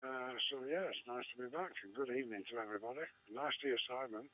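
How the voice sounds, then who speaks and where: A man checking into an amateur radio net, hoarse and losing his voice, speaking haltingly and clearing his throat. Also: mid-range voice, pushed and bright, rough recording. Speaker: net participant.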